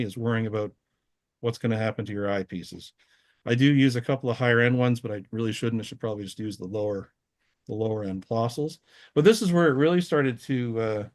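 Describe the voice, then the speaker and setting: A man talks loosely through a set of photos, stopping and restarting his sentences as he goes. His voice sits at an ordinary middle pitch. The sound is dry and close, with no room echo. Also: a little mellow. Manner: rambling, many restarts, easygoing. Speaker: guest astronomer. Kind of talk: casual talk over photos.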